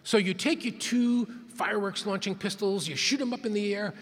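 Guy on stage hyping a crowd, high voice bouncing all over, big echoey hall. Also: normal speed. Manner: playful, leads the crowd in call-and-response counts. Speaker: keynote speaker. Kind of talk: interactive plenary talk. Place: large conference hall. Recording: hall reverb from a large conference room.

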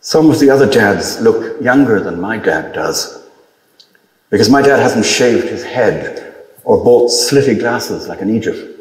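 Man, author reading fiction, lowish voice, echoey room. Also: lively intonation. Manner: measured, dry storytelling with brief lifts for quoted dialogue. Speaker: author reading his own story. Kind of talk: literary reading.

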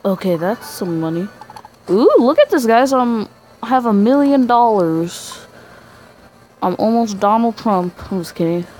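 Slow-talking sick young guy gaming. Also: sits high, a little mellow, a little hiss or hum, poor audio. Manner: rambling, chatty asides to viewers. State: sick, congested voice. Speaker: gaming channel host. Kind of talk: let's-play game commentary.

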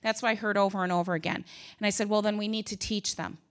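A woman in her fifties, a conference presenter telling lively stories with humorous asides. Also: medium pitch, quick pace. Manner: lively storytelling with asides, humor and acted quotes. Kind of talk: conference talk.

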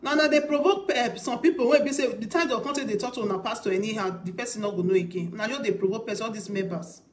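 A woman with a Nigerian Pidgin accent talks straight to her viewers in casual vlog commentary. Her voice sits a little high, and she hammers her points home with repeats and pointed rhetorical questions. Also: fast talker. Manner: emphatic, repetitive, rhetorical questions. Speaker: vlogger.

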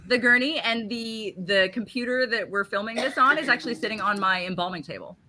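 A young adult woman, a guest on a live online interview, telling stories in a casual, animated way with blunt short answers. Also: fairly high pitch, fairly quick, a crowd in the background. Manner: animated storyteller, blunt one-word answers. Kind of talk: casual live-stream chat.

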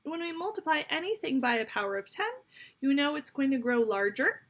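A woman's voice: sits high, animated, brisk, a bit bright. A woman teaching a fifth grade math lesson on video, upbeat and encouraging as she talks straight to her students. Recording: faint background noise. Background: toddler babbling nearby.

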